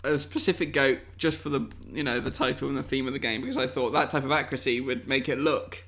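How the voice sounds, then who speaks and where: A man's voice: medium pitch, fairly even intonation, fast talker, a bit bright. A man co-hosting a casual chat, playfully reading out game descriptions and laughing often. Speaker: podcast co-host presenting a guessing game.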